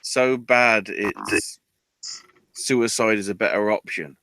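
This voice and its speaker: Sarcastic man, crisp dry podcast voice. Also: lowish voice, takes it slowly, bright, forceful tone, dry recording. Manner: sarcastic, exasperated storytelling. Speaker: podcast host. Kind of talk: casual chat recapping a wrestling show.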